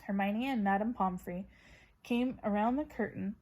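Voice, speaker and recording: A woman narrating a children's fantasy novel with expressive reading. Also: mid-range voice, moderate pace. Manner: expressive, voices characters. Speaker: audiobook reader. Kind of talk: storybook narration.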